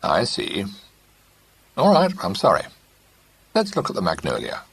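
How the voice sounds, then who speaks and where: A man's voice: fairly low pitch, huge pitch swings, moderate pace, fairly bright tone, slightly rough, no room sound, voice pushed up, heavily acted. A man doing a blunt, persistent young suitor. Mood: teasing. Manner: blunt, straight to the point.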